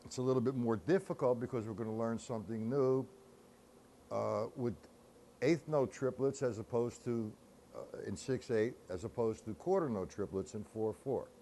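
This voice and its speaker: A man's voice: mid-range voice, normal speed, warm tone, slight background noise. A man teaching a drum-reading lesson, patient and methodical, counting beats aloud step by step. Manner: casual with fillers, clears throat. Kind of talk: music lesson.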